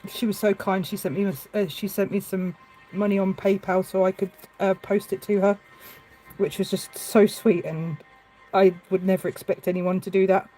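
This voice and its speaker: A woman's voice: mid-range voice, flat delivery, moderate pace, mellow, soft background music, poor audio. A woman chatting on a live stream as she paints, hesitant and full of fillers and restarts. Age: adult with a child. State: tearful at moments. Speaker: livestreaming artist. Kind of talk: casual live-stream chat.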